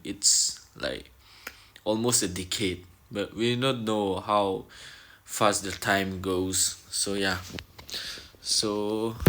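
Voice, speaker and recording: A man's voice: lowish voice, pushed and bright. A young man vlogging from his room in an earnest, reflective way, often repeating himself and searching for words. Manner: earnest, repeats phrases, loose and searching wording. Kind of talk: casual reflective vlog talk.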